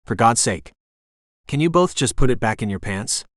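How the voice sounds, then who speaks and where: A man's voice: medium pitch, expressive, moderate pace, a bit bright, dry recording, clean studio sound, lightly acted. A man voicing a blunt young woman who keeps the peace in a bossy, exasperated, no-nonsense way, read from an audiobook.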